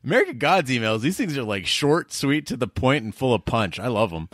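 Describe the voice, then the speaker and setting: A man co-hosting a podcast, talking in a relaxed, wry, joking way. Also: medium pitch, fairly quick, no echo, clean studio sound. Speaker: podcast co-host. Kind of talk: casual podcast chat.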